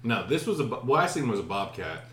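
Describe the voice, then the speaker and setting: A man, co-hosting a podcast and telling a story with lively, profane, shouted reenactments. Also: medium pitch, fast, roomy sound, a loud crowd. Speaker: podcast co-host. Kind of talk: casual chat.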